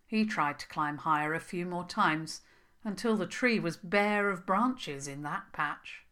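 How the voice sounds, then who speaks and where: A woman reading a children's story aloud as narrator, calm and unhurried. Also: fairly low pitch.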